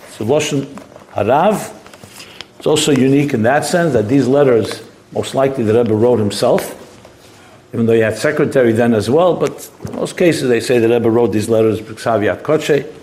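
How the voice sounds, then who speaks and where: A man's voice: a little high, darkish tone. A man teaching a text study lesson, thinking aloud with restarts and mixing in Hebrew terms. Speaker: Torah teacher. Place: study hall classroom.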